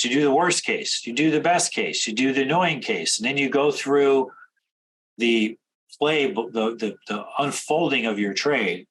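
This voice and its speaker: A man coaching traders in a direct instructional talk, firing off rapid questions. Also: mid-range voice, a bit bright, rough recording. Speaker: trading coach.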